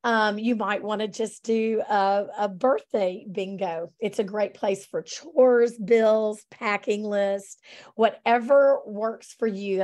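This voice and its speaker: A woman with a scratchy, strained voice hosts a casual online planning session at an unhurried pace. She talks in a friendly way, with ums and restarts, and her pitch sits in the middle of the usual range. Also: darkish tone. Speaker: host of a weekly planning session. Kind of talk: casual online workshop talk.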